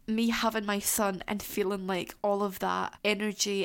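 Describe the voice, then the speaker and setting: A woman's voice: mid-range voice, little pitch movement, a little slow, hardly any pauses, clean tone. A young adult woman hosting a solo podcast, talking in a heartfelt, emotional and rambling way. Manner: rambling, tangent-prone. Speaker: podcast host.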